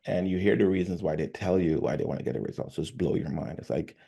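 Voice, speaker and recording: A man's voice: low-pitched, quick pace, creaky, husky. A man coaching on sales, casually talking through a sales call and acting out both sides of it. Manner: animated, acts out sales calls. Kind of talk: casual conversation.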